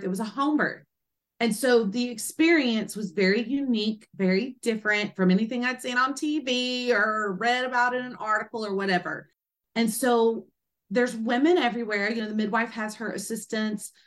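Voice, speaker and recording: A woman guest, an author and doula, telling a personal story with animated energy and acting out quoted speech. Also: a little high, moderate pace. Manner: lively, acts out quoted speech in a raised voice.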